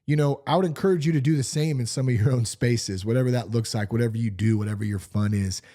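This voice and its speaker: Guy in his 40s doing a solo podcast, warm low-key tone but fired up, swears a lot. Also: fast talker. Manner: animated, candid, swears freely. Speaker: podcast host. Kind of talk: casual solo podcast talk.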